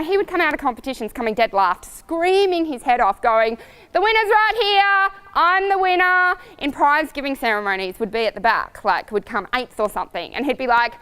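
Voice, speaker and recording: A middle-aged woman riding coach talking casually to camera, animated and storytelling with laughs. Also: fairly high pitch, clean tone.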